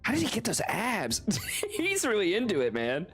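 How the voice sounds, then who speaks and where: A man's voice: high-pitched, huge pitch swings, normal speed, fairly bright tone, slightly rough, faint music behind. A man streaming a video game, chatting casually and playfully, laughing often and swearing freely. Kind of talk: casual gameplay commentary.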